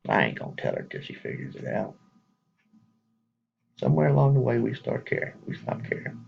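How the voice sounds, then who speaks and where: A man's voice: mid-range voice, huge pitch swings, a little fast, slight background noise. A man giving an earnest, plainspoken spoken message in a casual, folksy way. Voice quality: gravelly, husky. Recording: dull lo-fi recording.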